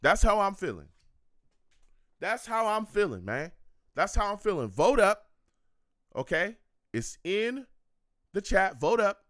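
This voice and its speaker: Reacting to a live football game, a young fan show host vents at the calls, repeats himself often and talks to his chat in frustration. His voice is high-pitched with big pitch swings and a fairly bright tone, unhurried with long pauses, recorded at studio quality with no echo.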